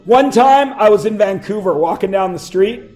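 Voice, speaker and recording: A man's voice: sits high, lively intonation, moderate pace, darkish tone, soft background music, poor audio. A middle-aged man teaching math to a class, with a sore throat, asking the students question after question. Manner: questioning, prompts students for answers. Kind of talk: classroom lecture.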